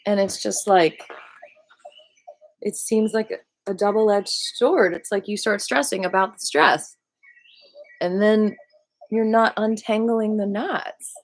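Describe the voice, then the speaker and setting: Among the trees, with birdsong and rustling leaves in the background, a woman leads a casual qigong meditation talk after staying up all night. She speaks slowly in a mid-range voice, rambling and relaxed, leaving long pauses and using plenty of fillers.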